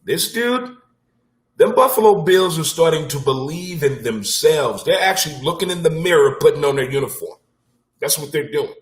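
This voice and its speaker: A man hosting a casual sports talk show, with a blunt, animated delivery, occasional swearing and punchlines he repeats for effect. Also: on the high side, fairly quick.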